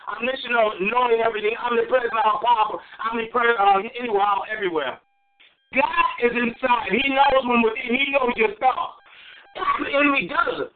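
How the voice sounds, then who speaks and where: A man preaching a sermon, swinging between high exclamations and low asides and repeating phrases for emphasis. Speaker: pastor. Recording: tinny phone-line sound.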